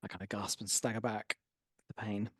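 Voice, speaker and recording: A man's voice: lowish voice, level tone, normal speed, bright, forceful tone, no room sound, clean studio sound. A man playing a tabletop role-playing game, joking and laughing often. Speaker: player. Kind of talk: casual game table chat.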